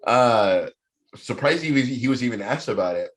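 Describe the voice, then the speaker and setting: A man hosting a podcast in casual chat, animated and swearing freely as he riffs. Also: mid-range voice, moderate pace. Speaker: podcast host.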